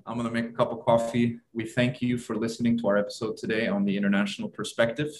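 A man's voice: medium pitch, monotone, fast, a little mellow. A young man from Turkey co-hosting a casual podcast over a video call, talking eagerly in rambling bursts with restarts. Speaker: podcast co-host.

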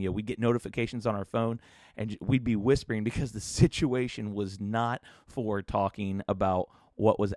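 A man in his thirties hosting a solo podcast, telling family stories in a relaxed way with fillers, and whispering when he quotes someone. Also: fairly low pitch, no echo, studio quality. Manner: casual storytelling with fillers and restarts, sometimes whispering quotes. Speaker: podcast host.

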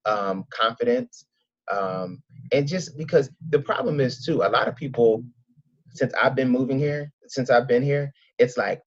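A man's voice: mid-range voice, husky. A man, chatting as an interview guest and telling rambling stories full of acted-out quotes. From Philadelphia. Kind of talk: casual interview chat. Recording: dull lo-fi sound.

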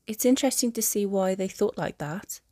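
A woman voicing an earnest young witch in a fan audiobook, her voice lifted and brisk. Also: medium pitch, expressive, mellow, no room sound, studio quality, natural voice.

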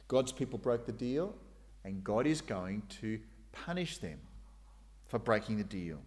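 Animated male preacher with lively pitch. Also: a little slow. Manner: dramatic, voices God's questions with sudden raised pitch. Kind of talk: sermon.

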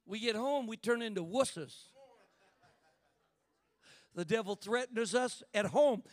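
A man preaching a fervent sermon in church, building to shouts and calling out to the congregation. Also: sits high, a little slow, pauses often, dry recording, clean studio sound.

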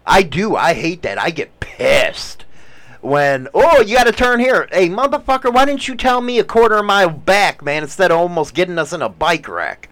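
A man's voice: high-pitched, big pitch swings, moderate pace, a bit bright. A man hosting a casual podcast, teasing his co-host and swearing often. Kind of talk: casual chat.

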